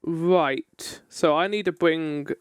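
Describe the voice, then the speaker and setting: High, excitable man streaming a game. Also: slow, soft background music. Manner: excitable, swears, reacts loudly. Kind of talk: casual game livestream commentary.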